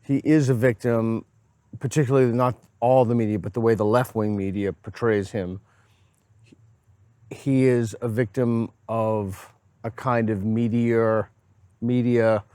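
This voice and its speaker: A man's voice: medium pitch, fairly even intonation, measured pace, warm tone, no echo. A man with a Boston accent hosting a casual street interview, playful and teasing. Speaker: host. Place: outdoors on a college campus.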